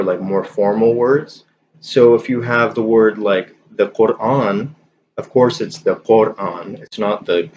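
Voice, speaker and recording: A man's voice: medium pitch, slight background noise. A man teaching a spoken-Arabic lesson in a conversational, hedging way, walking through examples one by one. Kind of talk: casual explanatory lesson. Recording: slightly dull lo-fi audio.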